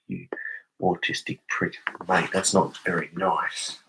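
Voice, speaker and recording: A man's voice: deep voice, little pitch movement, moderate pace, sharp tone, a little hiss or hum, low-quality recording. A young Australian man on a casual live stream, reading viewer comments aloud and answering them.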